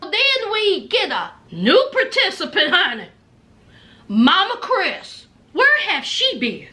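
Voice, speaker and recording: A woman's voice: very high voice, wildly swooping pitch, takes it slowly, sharp tone. A woman, recapping a reality show in a blunt, sassy way to her viewers. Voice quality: thick accent. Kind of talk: casual recap vlog.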